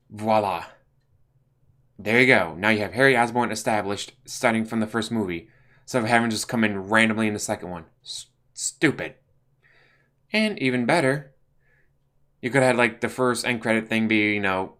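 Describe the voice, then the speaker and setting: A man's voice: on the low side, moderate pace, long pauses, a bit bright. A man hosting a casual movie commentary, ranting bluntly, swearing and filling his talk with "like". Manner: blunt, ranting, profane, lots of fillers. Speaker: channel host.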